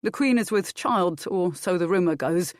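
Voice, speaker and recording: A woman's voice: lowish voice, expressive, moderate pace, no echo, clean studio sound, close to an everyday voice. A woman voicing a dutiful male guard captain who speaks formally and urgently, in an audiobook.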